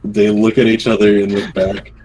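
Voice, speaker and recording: A man narrating as game master in a halting, filler-heavy way. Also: lowish voice, a little mellow, slightly rough, low-quality recording.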